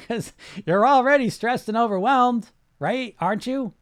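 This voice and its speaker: A man coaching on weight loss in a casual live chat. He talks in a rambling, animated way with many restarts and "right?", then slows into calm relaxation cues. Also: extremely high pitch, clean tone, no room sound, clean studio sound.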